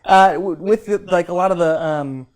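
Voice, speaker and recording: A woman's voice: fairly low pitch, normal speed, darkish tone. A woman hosting a casual interview, rambling a little with lots of fillers and joking at her own expense. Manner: rambling, self-deprecating, many fillers. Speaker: podcast host.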